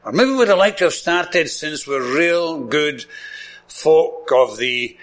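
A man's voice: a little high, expressive, slow pace, a bit bright. A man with a Scottish accent preaching a sermon, enthusiastic, repeating words for emphasis and chuckling often.

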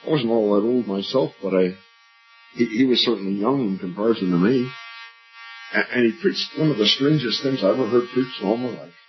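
An older man preaches an earnest evangelistic sermon at a meeting. His voice climbs high when he asks questions and sinks low and quiet on the key lines. The recording is dull and lo-fi, with faint music underneath. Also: brisk. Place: church meeting.

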